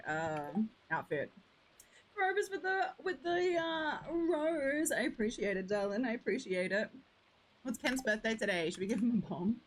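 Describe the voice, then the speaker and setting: A woman's voice: medium pitch, a little hiss or hum, poor audio. A young woman streaming a farming game, chatting affectionately with viewers and calling them "lovely" and "darling". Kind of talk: casual live-stream chat.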